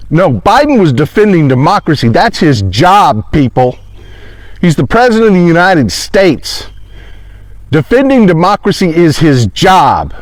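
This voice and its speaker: A man's voice: fairly high pitch, sing-song, unhurried, no room sound. A man delivering an angry, profane rant outdoors, repeating insults at his listeners. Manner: furious, swearing, repeating insults. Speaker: online commentator. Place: outdoors in a pond.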